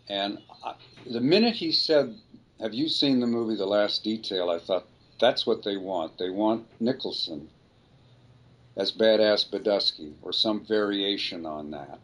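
A man's voice: lowish voice, fairly bright tone, low-quality recording. An older man, a voice actor, telling rambling anecdotes in an interview and often correcting himself mid-sentence. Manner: rambling, self-correcting storyteller. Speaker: voice actor guest.

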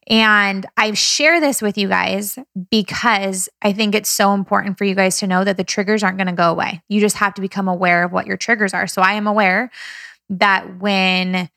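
A woman's voice: medium pitch, gravelly, sharp tone, no echo, clean studio sound. A young woman vlogging as a business coach, candid and emotional, talking in a casual way with many fillers. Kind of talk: casual personal vlog.

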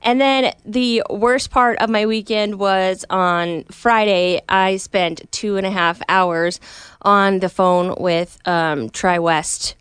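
Chatty woman with a smooth, clear voice. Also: mid-range voice, fairly even intonation, slow, fairly bright tone, dry recording. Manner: chatty, says "like" often. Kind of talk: casual chat.

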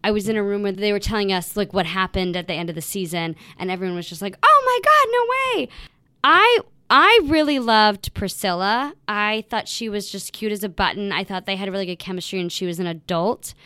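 A woman co-hosting a podcast in casual chat, gushing and animated, with lots of "like". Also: medium pitch, fast talker, hardly any pauses, clean tone. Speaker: podcast co-host.

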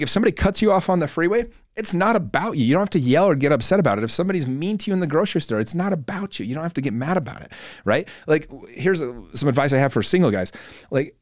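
A man's voice: on the high side, dry recording, clean studio sound. A man hosting a podcast, giving an earnest motivational talk in a coaching tone, with frequent fillers and restarts. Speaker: podcast host. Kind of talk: motivational monologue.

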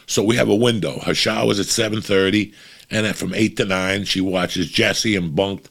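A man's voice: low-pitched, fairly even intonation, normal speed, vocal fry, a bit bright. A man, a comedian telling a long story in a profane, rambling, casual way.

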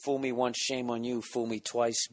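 A man's voice: level tone, normal speed. A man hosting his podcast, rambling comedically with lots of swearing and self-mockery, keeping his voice down at times. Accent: Boston. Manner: profane, self-mocking, jumps into silly voices; keeping voice down, quiet and low at times. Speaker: podcast host.

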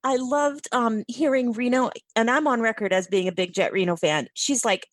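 A woman's voice: on the high side, animated, moderate pace, no room sound. A woman co-hosting a casual podcast chat, emotional and gushing, with sighs. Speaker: podcast co-host.

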